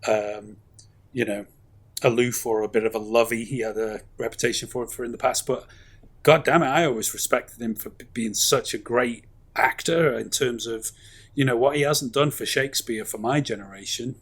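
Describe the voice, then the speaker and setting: A man's voice: mid-range voice, moderate pace, husky. A man co-hosting a film review podcast, chatting casually and rambling enthusiastically with many fillers and asides. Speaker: podcast co-host.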